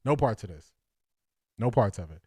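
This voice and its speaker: A man's voice: fairly low pitch, expressive, normal speed, a little mellow, breathy edge, no room sound, clean studio sound. A man from Ohio, hosting a casual livestream, joking with chat, laughing often and repeating lines for effect. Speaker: sports talk livestream host reading chat.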